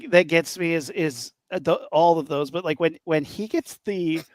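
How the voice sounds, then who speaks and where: Man, 30s, high-pitched, animated podcast co-host, dry home-mic sound. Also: moderate pace, dry recording. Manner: animated, acts out quotes with laughter. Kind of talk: casual chat. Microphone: home mic on a video call.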